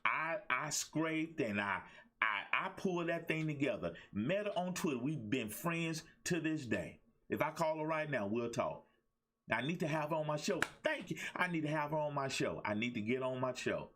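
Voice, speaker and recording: A man's voice: a little high, animated, normal speed, fairly bright tone. A man hosting a livestream talk show as a life coach, preaching about relationships with repetition and call-and-response asides.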